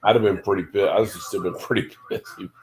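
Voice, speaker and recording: A man's voice: deep voice, steady tone, quick pace. A man co-hosting a casual movie watch-along, laid-back, swearing casually and mostly agreeing in short replies.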